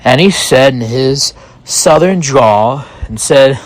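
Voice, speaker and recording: A man narrating a story in the first person, relaxed and slow, with hesitant restarts. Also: mid-range voice, no room sound.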